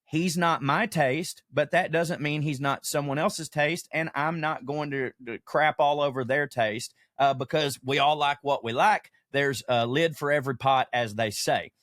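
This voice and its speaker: On a podcast, a comedian host with a slightly high voice delivers a casual monologue at a measured pace with hardly any pauses. Fired-up and profane, he rants with comic asides, recorded in studio quality with no echo.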